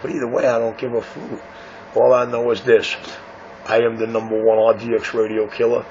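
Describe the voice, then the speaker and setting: Over muffled CB radio audio with a faint hiss, a radio-shop owner trades banter in a slightly fast, level, somewhat mellow mid-range voice. He's brash and self-important, bragging and needling his rivals.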